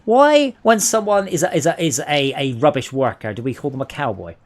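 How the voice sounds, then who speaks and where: A man talks through a late-night gaming stream, his voice sitting a little high and swinging widely in pitch. He rambles, restarts, and breaks into jokes in relaxed chat. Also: brisk. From England. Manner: rambling, animated storyteller. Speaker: streamer host.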